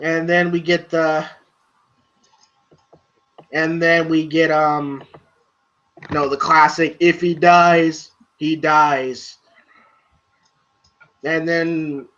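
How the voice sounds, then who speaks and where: A movie reviewer giving a casual spoken review, excitable and profane, retelling scenes in long run-on recaps. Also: medium pitch, takes it slowly, long pauses, highs cut off.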